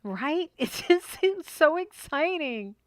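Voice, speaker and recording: A middle-aged woman with a fairly high voice runs a crafting tutorial from her desk at home. She talks slowly and gushes with excitement, muttering reminders to herself between steps. The sound is close and dry, with no room ring. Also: no echo. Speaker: papercraft tutorial host. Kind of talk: casual crafting tutorial chat.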